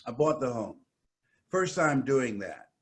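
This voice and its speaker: A motivational speaker from Miami telling a family story dramatically, acting out the voices. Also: male voice, medium pitch, unhurried. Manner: animated, acts out voices.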